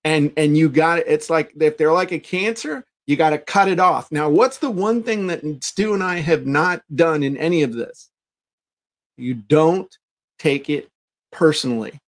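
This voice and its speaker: Male co-host, lively storyteller who acts out quoted people, stumbles over restarts, slightly raised pitch. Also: normal speed. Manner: frequent restarts and repeated words. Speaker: podcast co-host. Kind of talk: casual business chat.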